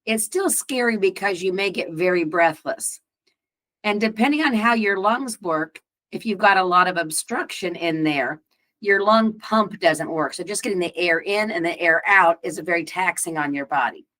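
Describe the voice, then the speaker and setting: A woman co-hosting a health podcast, explaining breathing and recovery calmly. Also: fairly low pitch, normal speed. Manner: calm, explanatory. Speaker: podcast co-host. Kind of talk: casual advice chat.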